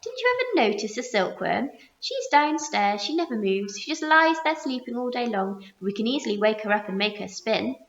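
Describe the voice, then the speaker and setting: A woman's voice: on the high side, sing-song, moderate pace, few pauses. A woman voicing a wise, fussy old male grasshopper in a storybook reading. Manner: sharp, fussy. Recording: roomy muffled recording.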